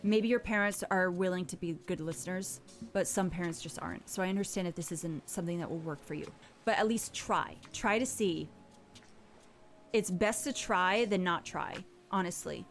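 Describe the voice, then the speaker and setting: A woman, a parent, hosting a casual livestream chat, giving earnest, gentle advice and reading viewers' messages aloud. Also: on the low side, normal speed, soft background music. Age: adult parent. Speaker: livestream host.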